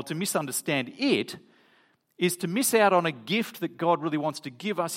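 A man's voice: a little high, a bit bright. A middle-aged man, preaching a sermon in a conversational, storytelling way with frequent restarts. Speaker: pastor.

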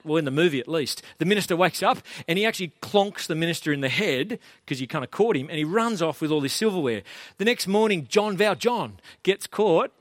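A man's voice: a little high, fairly bright tone, no room sound. A middle-aged man, preaching a sermon in a casual, chatty, self-deprecating way. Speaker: pastor.

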